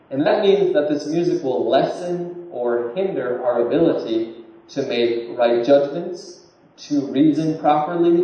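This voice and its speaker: A man giving an informal talk, halting and repeating words as he explains. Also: mid-range voice, mellow. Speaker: lecturer. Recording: distant, muffled room recording with heavy echo.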